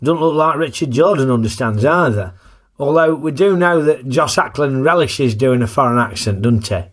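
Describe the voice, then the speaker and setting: A man's voice: mid-range voice, expressive, moderate pace. A man, hosting a casual, jokey film review in a chatty, plain-spoken way.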